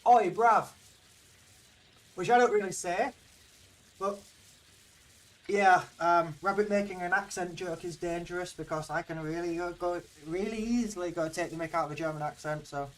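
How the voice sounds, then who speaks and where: A man from Yorkshire with a mild Yorkshire accent chats casually and ramblingly with his live-stream viewers as he plays a game, answering chat between plays. His high-pitched voice holds a steady tone at a moderate pace, and he sounds far from the mic.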